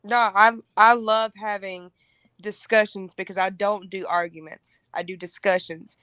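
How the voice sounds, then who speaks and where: A woman's voice: mid-range voice, fairly even intonation, a little slow, sharp tone, clean tone, no room sound. A woman with a Southern US accent, a guest on a casual panel discussion, talking candidly and laughing easily. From Alabama, US South.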